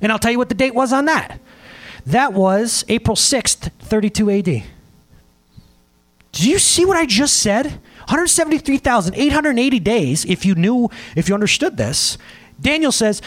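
Animated male pastor preaching. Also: high-pitched, normal speed. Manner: animated, emphatic, talks to the congregation directly; asks for slides during the talk. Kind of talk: sermon.

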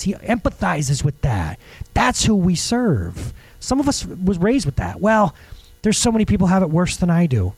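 Male pastor, husky voice, lively swooping pitch, casual preaching with asides, dry close sound. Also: dry recording, poor audio. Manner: animated, conversational preaching with jokes and asides. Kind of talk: sermon.

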